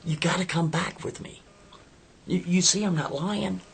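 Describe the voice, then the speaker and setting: A man's voice: lowish voice, steady tone, moderate pace, fairly bright tone, slight background noise. A man voicing a young time traveler in a spoken story, pleading and urgent. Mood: begging.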